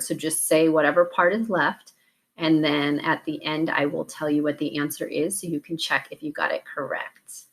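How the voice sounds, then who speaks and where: A woman teacher leading a recorded classroom warm-up drill, slow and deliberate, pausing between prompts. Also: sits low.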